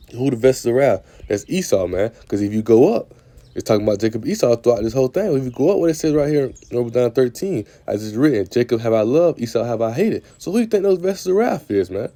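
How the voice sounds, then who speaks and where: A man teaching scripture in a casual, informal way, often adding "man", stammering on repeated words and slowing down to read verses aloud. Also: medium pitch, mellow. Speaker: religious speaker.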